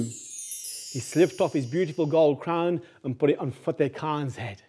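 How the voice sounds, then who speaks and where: A man telling a folk tale aloud in a chatty, animated way, talking straight to his listeners and repeating phrases for rhythm. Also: a little high, unhurried, husky. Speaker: storyteller. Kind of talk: oral folk-tale storytelling.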